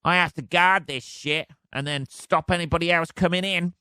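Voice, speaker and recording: A man's voice: a little high, fairly even intonation, normal speed, sharp tone, clean tone, no echo. A man voicing a smug territorial dog. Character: possessive pet dog guarding its house.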